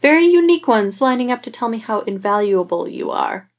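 A woman reading a fan story and voicing a calm, formal male government agent. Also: fairly high pitch, a little fast, voice pushed up. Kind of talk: fan fiction audiobook reading.

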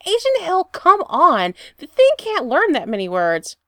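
A woman's voice: very high-pitched, wildly swooping pitch, measured pace, a bit bright, no echo, clean studio sound, pitched above the performer's own voice, heavily acted. A woman reading the lines of an exasperated young woman who pleads and snarks at her boss.

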